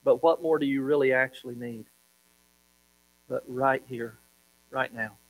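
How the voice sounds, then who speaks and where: A man preaching a sermon as a pastor, leaning hard on words with swings from loud to hushed. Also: mid-range voice, unhurried, poor audio.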